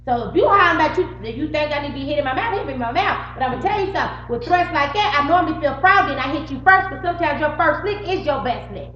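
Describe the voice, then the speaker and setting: A woman's voice: high voice, expressive, fast talker, hardly any pauses, a bit bright. A middle-aged woman tells a story straight to the camera, swearing freely and acting out both sides of the argument. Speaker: vlogger. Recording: roomy, muffled home recording with faint hum.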